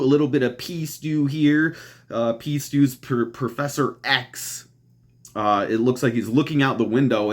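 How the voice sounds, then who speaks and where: A man hosting a podcast, chatting casually and rambling, with frequent restarts, easy laughter and some casual swearing. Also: fairly low pitch. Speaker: podcast host. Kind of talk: casual chat reacting to a movie trailer.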